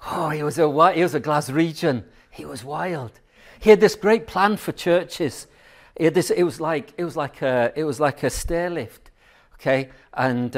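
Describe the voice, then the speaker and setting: Chatty middle-aged preacher, higher voice. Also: male voice. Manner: chatty storytelling, asks the congregation questions. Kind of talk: sermon.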